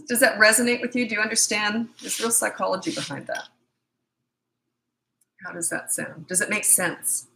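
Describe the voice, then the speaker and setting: A woman's voice: on the low side, vocal fry, sharp tone, a little hiss or hum. A middle-aged woman parenting coach answering viewer questions in a live Q&A, blunt, confident and emphatic. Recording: echoey room.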